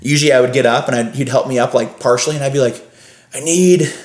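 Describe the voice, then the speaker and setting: A young man, a scare actor guest on a podcast, telling stories in a casual, animated way, full of acted-out voices and fillers. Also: mid-range voice, very fast. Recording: roomy echo.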